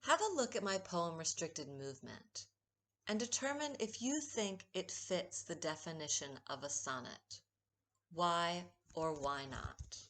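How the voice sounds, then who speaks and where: A woman poet giving a recorded poetry lesson, speaking in a measured way and stressing the rhythm when she reads verse. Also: lowish voice, lively intonation, fairly bright tone, slight background noise. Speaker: poet teaching a workshop.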